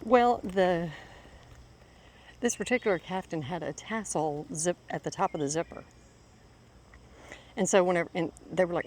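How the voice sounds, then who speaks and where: A woman's voice: fairly low pitch, normal speed, pauses often, darkish tone, a little hiss or hum. A middle-aged woman telling a rambling story on a walk outdoors, breaking off now and then to call her dog. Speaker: vlogger walking her dog.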